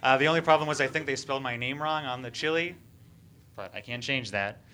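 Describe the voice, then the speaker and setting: A man performing a stand-up bit in a mock-serious, deadpan presentation style, with frequent hesitant fillers, on a stage microphone. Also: medium pitch, brisk, slight background noise. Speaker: comedian.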